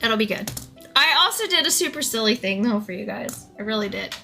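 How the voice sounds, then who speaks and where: Young female streamer, casual and giggly; high, bright voice over quiet music. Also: expressive, brisk, gravelly. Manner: giggly, chatty, thanks viewers. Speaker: livestreamer. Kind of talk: casual live-stream chat.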